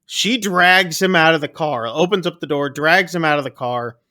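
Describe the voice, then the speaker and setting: A man co-hosting a podcast, casually retelling a film scene by scene in a rambling, animated way. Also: fairly high pitch, moderate pace. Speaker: podcast co-host.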